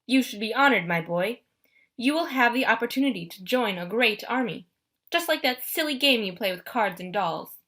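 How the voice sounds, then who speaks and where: Woman doing a sneering male monster, formal, cold, audiobook character voice, bright tone. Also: on the high side, expressive, moderate pace. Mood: taunting. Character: menacing male monster posing as teacher.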